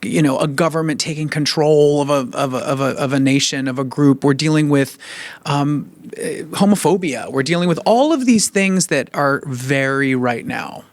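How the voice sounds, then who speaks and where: A man's voice: fairly high pitch, moderate pace, no echo. A man, a stage actor, talking enthusiastically in a press interview, chatty and often restarting his sentences.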